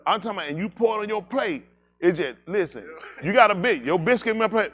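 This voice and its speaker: A man's voice: high voice, expressive, fast, a bit bright. A male pastor, telling country stories to his congregation in a loose, joking way and laughing at his own jokes. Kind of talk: casual storytelling sermon.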